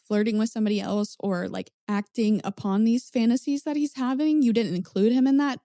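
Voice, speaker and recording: Woman, mellow warm voice, casual post reading, sarcastic blunt asides, dry close sound. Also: medium pitch, no echo. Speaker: reddit story reader and commentator.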